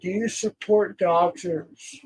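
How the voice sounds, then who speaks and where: A man hosting a livestream, ranting and swearing with loud outbursts that drop to near mutters. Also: sits high, steady tone, takes it slowly, slightly rough, rough recording. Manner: swearing, shouting in bursts, then dropping quiet. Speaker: livestream host. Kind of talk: angry livestream rant.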